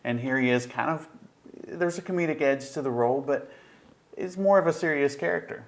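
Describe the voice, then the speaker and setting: A man's voice: mid-range voice, vocal fry. Easygoing man chatting about movies. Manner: easygoing, agreeable, halting restarts. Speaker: guest. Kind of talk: casual movie review chat.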